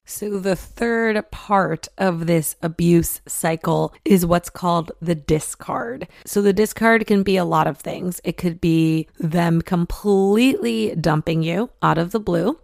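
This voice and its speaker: A woman's voice: on the low side, creaky, a little mellow, no echo, studio quality. A woman casually explaining a topic, acting out quoted voices with emphasis. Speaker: speaker explaining narcissistic abuse.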